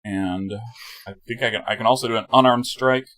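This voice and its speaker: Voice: mid-range voice, steady tone, a little fast, a bit bright. Playful, jokey tabletop player. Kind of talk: casual tabletop game chat. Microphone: online voice call.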